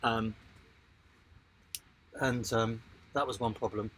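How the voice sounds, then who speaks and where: A man co-hosting a casual live-stream chat about sailing, animated and jokey, reading out viewer comments. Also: fairly low pitch, slow, rough recording. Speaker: sailing channel co-host.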